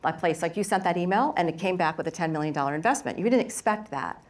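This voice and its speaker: A middle-aged woman who founded a bakery, speaking candidly on a workshop panel and telling lively stories with quick asides. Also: fairly low pitch.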